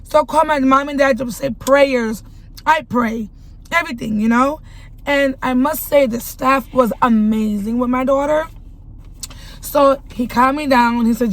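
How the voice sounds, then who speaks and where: A woman's voice: sits high, measured pace, rough recording. A young mother speaking earnestly and emotionally to her viewers in a personal vlog testimony. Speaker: vlogger and mother.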